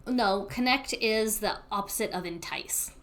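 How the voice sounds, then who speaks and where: A woman's voice: mid-range voice, measured pace, a bit bright. A woman player in a tabletop game, chatty and often laughing. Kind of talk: casual tabletop game chat.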